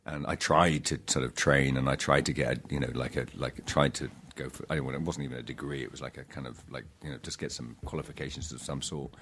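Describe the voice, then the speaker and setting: A middle-aged man, a guest actor on a casual podcast interview, who tells stories in a halting, self-deprecating way, often restarting his sentences. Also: very deep voice, fairly even intonation, a bit bright, a little hiss or hum.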